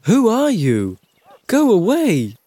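A man's voice: high-pitched, huge pitch swings, slow pace, darkish tone, no echo, voice pushed up, heavily acted. A man voicing a big bullying boy from a bakery, in a raised, pleading voice. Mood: alarmed.

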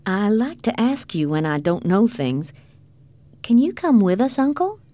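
A woman's voice: medium pitch, big pitch swings, a little slow, dark tone, no room sound, pitched above the performer's own voice. A woman voicing a frank, trusting young country woman with an earnest, questioning manner. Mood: eager.

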